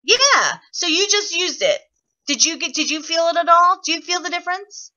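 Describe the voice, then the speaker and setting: A woman leading an online singing workshop, chatty and encouraging, explaining with lively examples over a video call. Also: very high voice, moderate pace, lo-fi sound. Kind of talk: online voice lesson.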